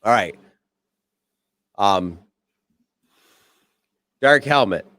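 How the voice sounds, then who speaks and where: Lively, foul-mouthed man on a podcast. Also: mid-range voice, a little slow, smooth, no room sound, clean studio sound. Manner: swears freely, acts out movie quotes. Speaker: podcast co-host. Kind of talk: casual chat.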